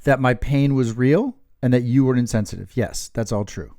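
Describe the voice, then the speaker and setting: A man's voice: moderate pace, dry recording, clean studio sound. A man co-hosting a casual podcast, teasing and acting hurt as he jokes with his fiancée. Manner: mock-aggrieved, teasing, lively pitch. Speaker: podcast co-host. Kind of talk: casual couple banter.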